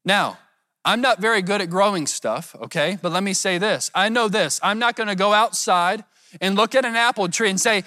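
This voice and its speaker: A man with a high voice preaching a sermon to his congregation. He talks in a relaxed, conversational way and keeps checking in with rhetorical questions. The sound is dry and close. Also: moderate pace, dry recording. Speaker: pastor.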